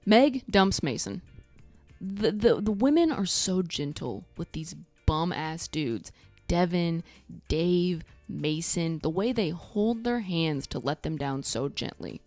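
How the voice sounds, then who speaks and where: Blunt, sarcastic woman with lively pitch. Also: takes it slowly, no echo, faint music behind. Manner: blunt, sarcastic, swears freely. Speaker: TV recap vlogger. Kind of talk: casual recap and review.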